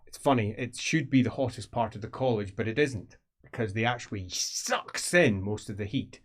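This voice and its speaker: A man's voice: lowish voice, normal speed. A man narrating an improvised tabletop game as game master, rambling with many fillers. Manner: rambling, filler-heavy description.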